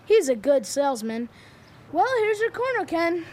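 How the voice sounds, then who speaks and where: A woman's voice: extremely high pitch, big pitch swings, normal speed. A woman voicing an honest, cautious schoolboy in a children's radio drama, earnest and a bit hesitant.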